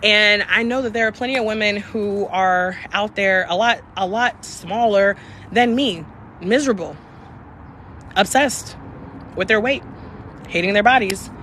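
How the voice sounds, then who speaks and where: A woman's voice: medium pitch, a little slow, a little hiss or hum. A young woman hosting a live stream, talking candidly and passionately with plenty of profanity. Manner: candid and profane, emphatic, shifts between passion and softness. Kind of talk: casual live-stream talk.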